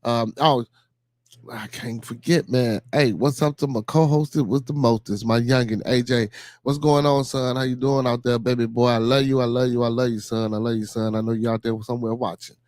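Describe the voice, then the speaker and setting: A man with a Chicago accent hosting a solo podcast in a relaxed, chatty way, repeating shout-outs and leaning on fillers. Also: medium pitch, normal speed, no echo. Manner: laid-back, repetitive shout-outs and fillers. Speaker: podcast host. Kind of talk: casual solo podcast chat.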